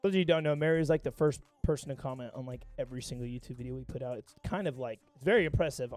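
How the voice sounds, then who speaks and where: A man's voice: medium pitch, racing, few pauses, a little mellow, dry recording, soft background music. A young man streaming live, chatting casually with viewers and telling a rambling story full of profanity. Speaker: gaming livestreamer.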